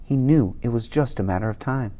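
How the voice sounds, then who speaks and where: A reader voicing a kind, weary woman doctor who speaks softly and slowly in an audiobook. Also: medium pitch, voice pushed down, natural voice. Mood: gently sad. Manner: soft, slow and quiet. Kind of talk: audiobook character voice.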